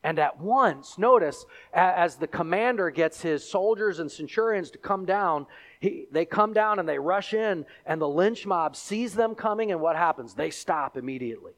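A male pastor preaching a sermon, telling the story with animated delivery and acting out the characters and crowd. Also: sits high, normal speed.

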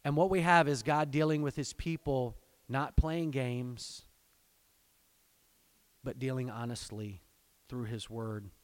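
A man preaching a sermon, reading scripture aloud and explaining it in earnest, exhorting tones, swelling into fervent pleading and then dropping low. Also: fairly even intonation, takes it slowly, pauses often. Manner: earnest, exhorting, addresses parents directly. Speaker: pastor.

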